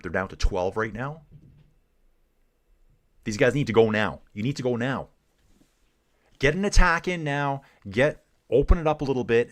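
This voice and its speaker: A middle-aged man from Canada giving casual live race commentary while chatting with viewers, calling them dude and guys. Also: on the low side. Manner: laid-back, calls viewers dude and guys. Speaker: streamer and cycling commentator.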